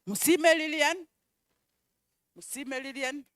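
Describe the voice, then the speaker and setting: Slow, high-voiced woman calling a roll. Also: no echo. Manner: reads names slowly and repeats each one, with quiet asides between. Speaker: event presenter calling out names. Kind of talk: roll call at a conference.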